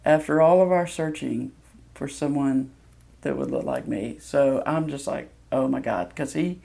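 A woman's voice: deep voice, a little slow, gravelly, dark tone. A woman from Mississippi, candidly telling a personal story with plenty of ums. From Mississippi, USA. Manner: candid, self-deprecating, loose with fillers.

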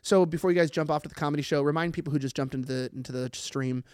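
A man's voice: on the high side, racing, a little mellow, clean tone, no room sound, studio quality. A man hosting a livestream podcast, reading chat comments aloud and giggling playfully. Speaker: podcast host.

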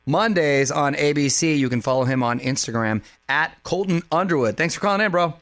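Middle-aged male radio host, friendly and brisk, dry studio sound. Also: fairly high pitch, expressive, fairly bright tone, no room sound. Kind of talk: radio interview. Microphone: studio microphone.

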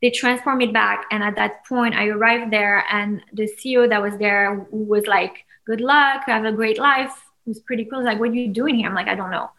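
Animated woman telling her story. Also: medium pitch, moderate pace, low-quality recording. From France. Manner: animated, acts out quoted voices with sudden loud peaks. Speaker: interview guest. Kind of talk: emotional personal storytelling.

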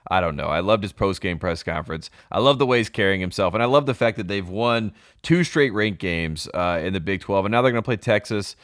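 Brief: young male podcast co-host, very low voice, dry close sound, upbeat sports banter. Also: a little fast, few pauses, fairly bright tone, no room sound. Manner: enthusiastic, laughs while talking. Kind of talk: casual sports chat.

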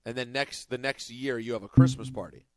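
A man's voice: medium pitch, fairly quick, darkish tone, no echo. A man hosting a sports talk podcast, playful and laughing often, stumbling over his words. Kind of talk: casual podcast banter.

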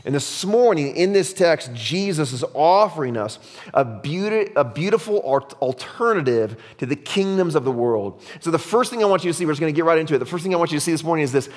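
A man preaches a sermon in an easy, conversational way, often checking in with his listeners and dropping his voice low and soft to stress a point. His voice sits a little higher than most men's, and it carries a long reverb from the church hall. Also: expressive, brisk. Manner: conversational preaching with frequent "right?" asides, drops low and soft for emphasis. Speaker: pastor.

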